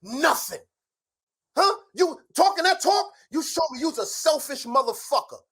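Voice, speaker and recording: A middle-aged man in a heated argument as a show guest, ranting loudly with lots of profanity and rapid challenges. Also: very high-pitched, sing-song.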